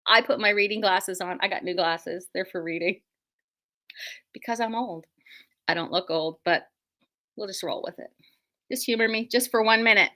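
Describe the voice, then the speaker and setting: Woman, middle-aged, chatty livestream host, joking, bright tone. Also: medium pitch, moderate pace, pauses often. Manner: chatty, self-deprecating, joking. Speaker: quilt shop owner and livestream host. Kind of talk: casual livestream chat. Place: her quilt shop.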